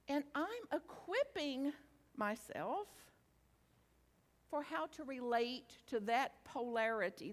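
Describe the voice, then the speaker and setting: Animated high-voiced woman teaching in a hall. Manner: animated, playful, teasing the audience; slows into hushed guided reflection. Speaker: spiritual teacher. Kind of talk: talk to a live audience. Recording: long hall reverb.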